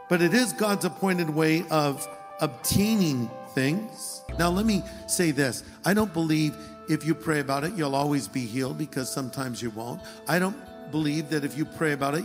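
A man preaching a sermon, telling a story and shifting between loud emphasis and quiet asides. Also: fairly high pitch, brisk, hardly any pauses, big-room sound, music in the background.

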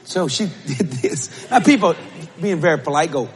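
A man preaching a sermon and telling a story, with shouted bursts and laughing asides. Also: fairly high pitch, lively intonation, normal speed. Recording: live audience, faint crowd noise.

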